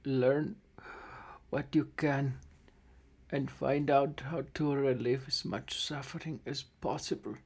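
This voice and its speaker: A man voicing a gentle, proud old male deep gnome who is dying, speaking softly and haltingly. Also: fairly even intonation, breathy edge. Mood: tender, fading. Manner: soft, slow and halting.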